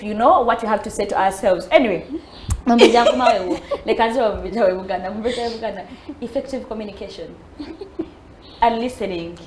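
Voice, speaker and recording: A Ugandan woman panelist in casual chat, animated and laughing often, switching between English and Luganda. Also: mid-range voice, quick pace, background noise. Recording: echoey room.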